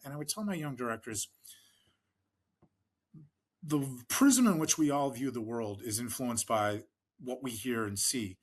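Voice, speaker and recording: A man's voice: medium pitch, measured pace, long pauses. A middle-aged American man, a fundraising expert and interview guest, telling long anecdotes with frequent fillers and restarts and acting out the people he quotes. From United States. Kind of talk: conversational storytelling in a podcast interview.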